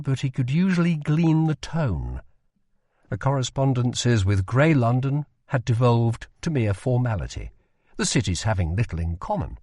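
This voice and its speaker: Guy reading a fantasy audiobook, slow, lots of pitch swing, dry close mic. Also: dry recording. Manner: measured, expressive storytelling. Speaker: audiobook narrator. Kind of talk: scripted fantasy narration.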